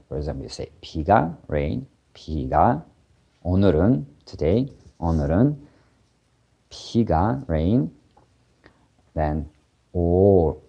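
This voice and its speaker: Man, very low pitch, dark mellow tone, casual grammar teacher, halting delivery with quick example bursts. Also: dull audio. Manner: halting, many fillers and restarts, switching into quick Korean examples. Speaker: Korean language teacher. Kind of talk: casual explanatory lesson.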